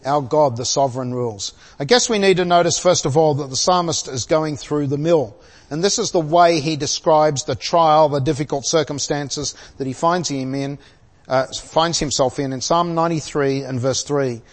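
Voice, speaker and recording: A man's voice: fairly high pitch, moderate pace. Older man preaching in a reverberant hall. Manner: storytelling, chuckling, asking the congregation questions. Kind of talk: sermon.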